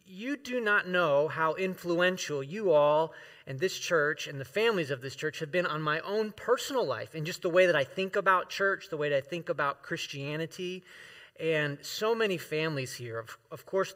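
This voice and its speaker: Man, guest preacher, sermon, heartfelt, halting with restarts, bright tone. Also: on the high side. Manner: heartfelt, emotional, with many fillers and restarts; reads scripture aloud to the congregation. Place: church sanctuary.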